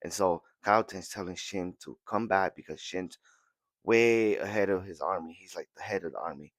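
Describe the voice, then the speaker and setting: A man hosting a podcast who recaps a comic chapter with excitement, repeating words and acting out lines. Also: low voice, normal speed, dry recording. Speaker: podcast host.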